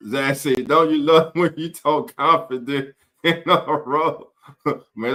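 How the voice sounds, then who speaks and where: A man's voice: fairly high pitch, slow, pushed and bright. A man hosting a casual live-stream sports talk show, greeting viewers in chat by name.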